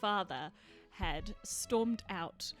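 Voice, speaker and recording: A woman's voice: mid-range voice, drawn-out words, fairly bright tone, faint music behind. A woman with a cheerful, giggly manner, acting as dungeon master for a tabletop game.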